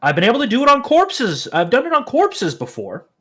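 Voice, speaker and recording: A man voicing a cold, smug male anatomist surgeon who speaks calmly, with menace and a lecturing tone. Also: very high voice, fairly quick, voice pushed up, heavily acted.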